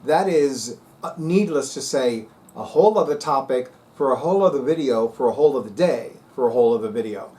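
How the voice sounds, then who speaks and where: A man's voice: mid-range voice, animated, brisk, few pauses, dark tone. A man talking casually to viewers as a vlog host, sassy, emphatic and dramatic. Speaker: spiritual video host.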